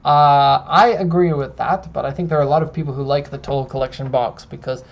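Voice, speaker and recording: Chatty gravelly man explaining car details. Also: medium pitch, fairly even intonation, fairly quick, lo-fi sound. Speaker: host. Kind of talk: casual live-stream chat.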